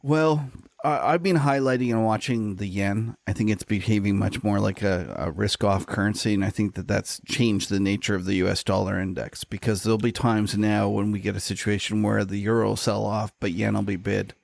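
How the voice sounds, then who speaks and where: A man with a Canadian accent co-hosting a markets podcast, chatting in a relaxed, conversational way. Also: fairly low pitch, normal speed, creaky, hardly any pauses, no echo, studio quality. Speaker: podcast co-host. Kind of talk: casual podcast chat.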